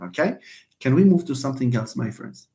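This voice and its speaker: A man teaching English word stress in an online lecture, drawing out words slowly and with emphasis. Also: medium pitch, expressive, warm tone. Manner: slow, emphatic, drawn-out words.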